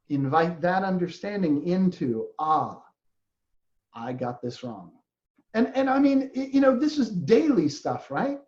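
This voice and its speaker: A man giving a reflective spiritual talk as a teacher, gentle and earnest, sometimes acting out inner voices. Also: high-pitched. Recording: roomy, dull lo-fi recording.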